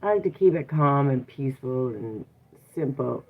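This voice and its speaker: Relaxed live-stream host, woman, low voice, chatty and laughing, thin phone-quality audio. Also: moderate pace, vocal fry. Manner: chatty, laughs often, talks to viewers and her daughter. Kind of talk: casual live chat.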